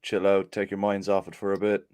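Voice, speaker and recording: A man's voice: low voice, completely flat delivery, brisk, a little mellow, clean tone, no room sound. A man guesting on a casual football podcast, laid-back and casually sweary, at times reading out notices.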